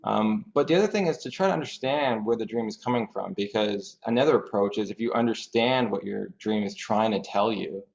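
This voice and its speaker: A man's voice: lowish voice, brisk, creaky, few pauses. A man, a grief dream researcher, explaining thoughtfully through examples as a podcast guest. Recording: dull lo-fi audio.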